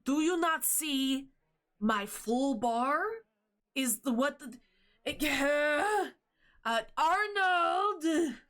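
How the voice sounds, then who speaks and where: A woman plays a big, burly barkeep with a short temper in a tabletop game. He talks curtly, as if too busy for anyone. The tone stays bright. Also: a little high, animated, takes it slowly, full character voice. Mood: annoyed. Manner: curt, impatient. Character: burly gruff human barkeep man.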